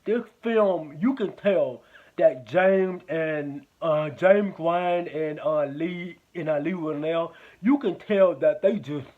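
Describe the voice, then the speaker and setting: A man with a fairly high voice talks through a movie review in a loose, rambling way, swearing often and circling back over the same points. The sound is thin and narrow, close to a phone line. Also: takes it slowly. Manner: rambling, profane, repeats himself. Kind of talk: casual spoken movie review.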